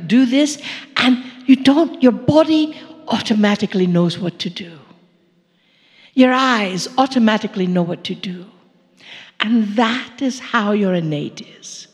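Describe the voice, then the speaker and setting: A woman giving a channeled spiritual talk in a playful, coaxing manner, with chuckling asides. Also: on the high side. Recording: long reverb in a hall.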